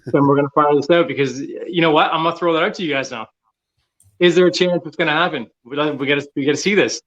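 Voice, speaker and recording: A man's voice: a little high, quick pace, a bit bright, lo-fi sound. A man from Canada, a fan club member guesting on a live show, eager and laughing along. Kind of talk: casual live-show chat.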